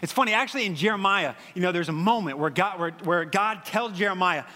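A man in his thirties delivers a sermon in a bright, forceful voice that sits slightly high. He talks casually and with animation, full of fillers, and his voice rings with a long hall reverb. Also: fast talker, few pauses. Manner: conversational, animated storytelling with frequent fillers. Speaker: pastor.

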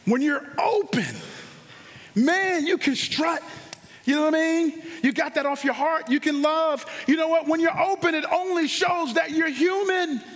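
A very high-pitched male pastor delivering a sermon. He speaks with punchy fervor and repeats words to drive his points home. A long hall reverb follows his voice. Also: measured pace, fairly bright tone.

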